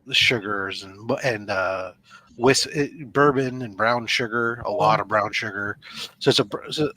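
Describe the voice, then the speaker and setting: A man's voice: fairly low pitch, sharp tone. A man in casual chat, laid-back and rambling, swearing freely. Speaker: podcast co-host.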